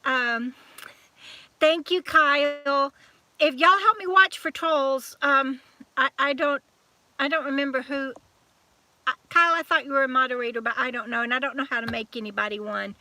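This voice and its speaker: A woman's voice: high-pitched, fairly even intonation, normal speed, sharp tone. A woman with a Southern US accent hosting a live-stream chat, talking in a chatty, scattered way as she greets viewers one by one. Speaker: YouTube channel host.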